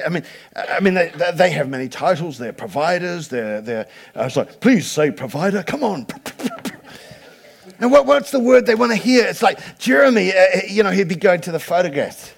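A male pastor delivers a sermon in a high, gravelly voice. He tells stories in a chatty way and then builds to loud, emphatic preaching.

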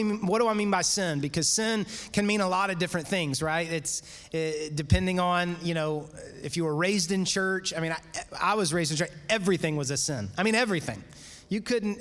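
A male pastor delivers a sermon in a loose, conversational way, dropping casual asides to the congregation. His voice sits a little high for a man. The sound carries the long reverb of a church sanctuary through a stage microphone. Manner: conversational, animated preaching with asides.

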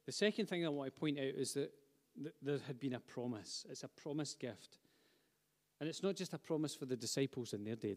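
A man's voice: medium pitch, darkish tone. A man preaching a sermon, speaking fervently and building to emphatic repetition. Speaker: pastor. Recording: long hall reverb.

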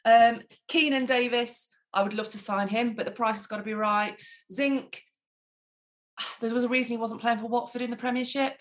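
A woman's voice: fairly high pitch, fairly even intonation, moderate pace. Female co-host, enthusiastic casual chat with fillers. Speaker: podcast co-host.

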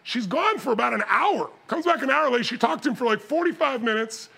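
Gravelly, animated male storyteller. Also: extremely high pitch, brisk. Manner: animated, acts out dialogue, laughs often. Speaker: motivational speaker. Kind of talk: storytelling to an audience.

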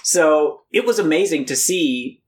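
A man's voice: a little high, expressive, a little slow, a little hiss or hum. A man from Iowa co-hosting a political podcast, casual and mocking, often acting out sarcastic quotes. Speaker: podcast co-host.

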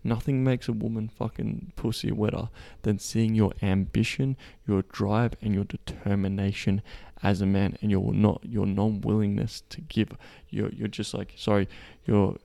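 A man's voice: lowish voice, level tone, normal speed, gravelly, mellow, no echo. A man coaching other men on dating, talking bluntly in a casual monologue full of swearing and restarts. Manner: blunt and profane, with frequent restarts, growing emphatic. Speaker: podcast host and men's dating coach.

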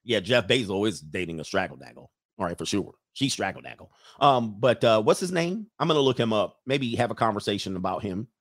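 A man's voice: lowish voice, sing-song, brisk, no echo, studio quality. A man hosting a live stream, reading viewer comments aloud and riffing on them in a loose, joking way. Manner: loose, joking, talks straight to the chat. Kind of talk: casual commentary.

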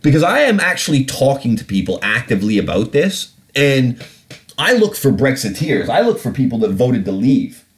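A blunt British podcast host, heated and profane, venting in casual commentary. His pitch swings widely as he talks, rising sharply when he is exasperated. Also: sing-song, moderate pace.

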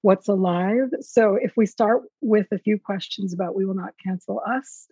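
A woman hosting a casual interview, gushing and warm, with many fillers. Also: medium pitch, normal speed, breathy edge, no echo, muffled recording. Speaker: host.

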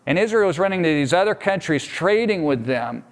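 A man's voice: a little high, lively intonation, brisk. A man preaching a sermon as a pastor, earnest and direct, often repeating a word as he restarts a phrase.

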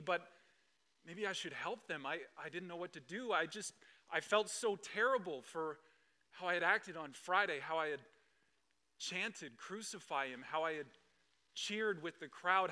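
A man performing an emotional first-person dramatic monologue, swinging between hushed lines and loud outbursts. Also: sits high. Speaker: dramatic storyteller.

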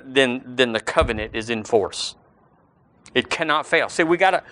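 Bright-voiced preacher. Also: male voice, medium pitch. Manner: emphatic preaching, slows for scripture and rises on key words. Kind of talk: sermon.

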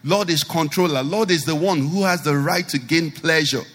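A man's voice: on the high side, moderate pace, fairly bright tone, in a large hall. A man pastor, preaching a sermon animatedly and asking the congregation rhetorical questions.

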